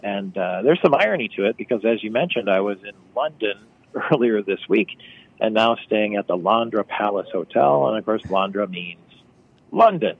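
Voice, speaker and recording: A travel writer telling chatty, wry stories on a radio call. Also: male voice, on the low side, lively intonation, a little fast, vocal fry, slightly rough, phone-quality sound. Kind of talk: phone-in radio chat. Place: on location outdoors by phone.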